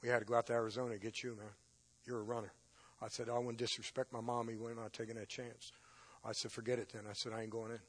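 Husky man preaching his testimony. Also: medium pitch, little pitch movement, quick pace. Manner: emotional storytelling, rising to loud intense peaks. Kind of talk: testimony sermon.

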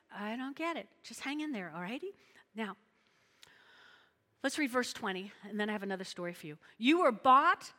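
Bright-voiced woman preaching in a reverberant hall. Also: on the high side. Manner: animated, chatty preaching with frequent "okay?" check-ins. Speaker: pastor. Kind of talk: sermon.

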